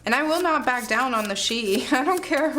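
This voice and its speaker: A woman tarot reader gives a pick-a-card reading, gushing over the viewer and hyping them up in slangy, effusive talk full of laughter. Her voice is high and animated at a moderate pace, with background noise.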